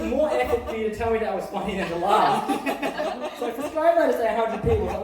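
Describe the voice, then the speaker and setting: Man, high voice, crude rambling stand-up, laughs at his jokes, very echoey room, far from the mic. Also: lively intonation, fast, darkish tone. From Australia. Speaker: stand-up comedian. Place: small venue, in front of an audience. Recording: echoey room picked up from afar.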